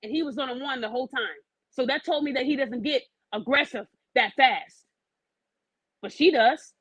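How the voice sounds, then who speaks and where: A woman's voice: high voice, moderate pace, fairly bright tone, slightly rough, dry recording, rough recording. A woman hosting a podcast, ranting bluntly and profanely and firing pointed questions at her audience. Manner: challenges the listener with pointed questions. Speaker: podcast host. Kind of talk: opinionated podcast rant.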